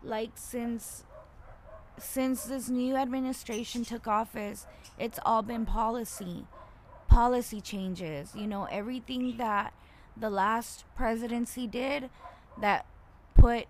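A woman ranting casually and bluntly, swearing freely and rambling with many fillers, getting loud and indignant as she retells a conflict. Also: fairly high pitch, fairly even intonation, takes it slowly, slight background noise. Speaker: podcaster.

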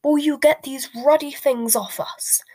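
Woman putting on a grumpy middle-aged man, bellowing, pitched up and loud, whispered role-play. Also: unhurried. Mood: angry bellowing.

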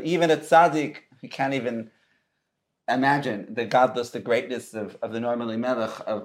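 An American man hosting a conversation in a soft-spoken, encouraging way. He talks casually and prompts his guest along. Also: mid-range voice. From United States. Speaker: host. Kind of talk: casual chat.

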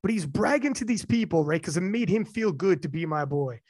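A man's voice: high-pitched, animated, a little fast, darkish tone, dry recording, studio quality. A man in his forties, talking candidly and with emotion in a casual chat, swearing often.

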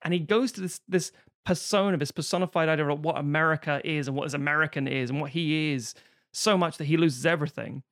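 Animated, swearing man reviewing films. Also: fast, no room sound, clean studio sound. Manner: swearing, animated, acts out quotes in sudden high voices. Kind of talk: casual film review chat.

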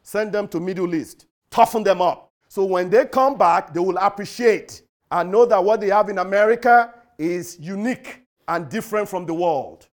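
A man with a Nigerian accent preaching a sermon in a high, bright voice. He hammers on key phrases and repeats them. His delivery rises loud and then drops soft. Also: normal speed, few pauses.

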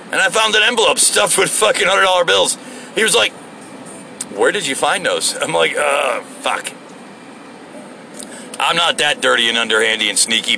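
A man's voice: fairly high pitch, creaky, sharp tone. A man rambling casually to himself while driving, profane and joking, with road and air-conditioning hum behind him. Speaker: solo show host. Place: inside a car.

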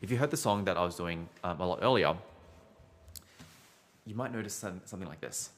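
A man's voice: low-pitched, a little fast. A man giving a casual singing lesson as a vocal coach, chatty and encouraging, often ending points with "right?" and restarting words.

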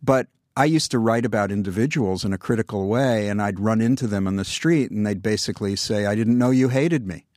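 Older male guest, wry anecdotal delivery, deadpan asides, dry studio read. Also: fairly low pitch, a little fast, hardly any pauses, no room sound. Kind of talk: conversational interview storytelling.

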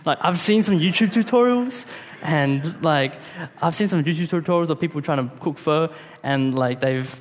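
A man preaching a sermon in a relaxed, conversational way, with slang and frequent fillers. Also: fairly high pitch, normal speed, long reverb tail, a little hiss or hum. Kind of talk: casual sermon.

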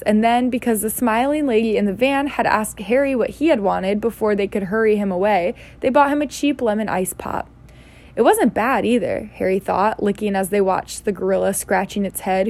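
A woman reading a novel aloud in an easygoing, unpolished way. She trips over words now and then and goes back to fix them, keeping it relaxed. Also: mid-range voice. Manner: stumbles and laughs at her slips. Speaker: reader.

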